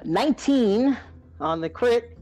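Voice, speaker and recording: A man playing in a tabletop game, calmly calling out his dice rolls. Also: extremely high pitch, soft background music. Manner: unhurried, calls out dice rolls. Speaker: player. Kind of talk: casual tabletop play.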